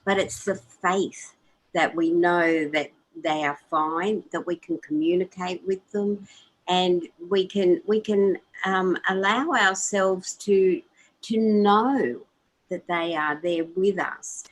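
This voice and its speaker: A woman with a slightly husky, lower voice co-hosts in a gentle, encouraging tone. She often repeats a word as she begins a thought, then settles into a calm flow. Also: slow pace, low-quality recording. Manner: gentle, encouraging, repeats words when starting. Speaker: co-host. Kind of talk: casual chat.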